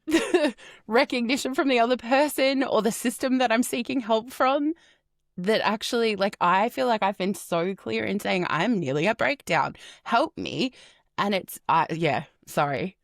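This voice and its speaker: An Australian woman co-hosting a podcast, talking casually with an expressive, jokey manner. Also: fairly high pitch, unhurried, dry recording, studio quality. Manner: expressive and jokey, calls people bestie. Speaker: podcast co-host. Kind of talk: casual chat.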